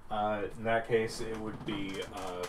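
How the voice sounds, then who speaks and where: Game master, male, lively narration, roomy distant home recording. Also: fairly low pitch, a little slow, background noise. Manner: animated, drops into character voices. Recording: roomy, off-mic with faint ambience.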